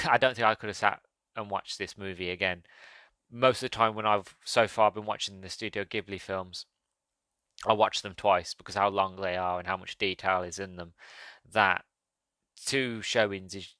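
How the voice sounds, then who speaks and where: A man with a lowish but bright, forceful voice talks into a close podcast mic, earnest and halting, full of ums and restarts. The recording is dry, with no room echo. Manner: hesitant, earnest, many fillers and restarts. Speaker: podcast host, film reviewer. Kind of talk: casual solo podcast talk.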